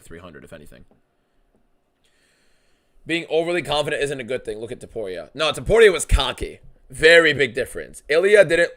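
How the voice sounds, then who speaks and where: A man hosting a live fight watchalong stream, talking in an excitable, profane and rambling way. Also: mid-range voice. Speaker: streamer host.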